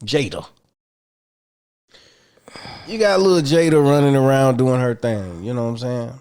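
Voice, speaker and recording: A man's voice: medium pitch, expressive, measured pace, darkish tone, clean tone. A man co-hosting a podcast in casual chat, blunt, crude and argumentative. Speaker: podcast co-host.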